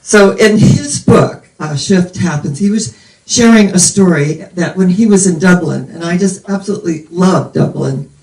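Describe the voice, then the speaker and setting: A woman minister in her 70s gives a sermon at a normal pace, her low voice carrying a darkish tone. Her storytelling wanders, and she sounds distant amid the room's echo.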